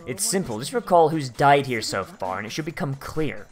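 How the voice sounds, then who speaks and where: A let's-play narrator reading the lines of a calm, analytical young female detective in a low, even, measured voice. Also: natural voice. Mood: explaining.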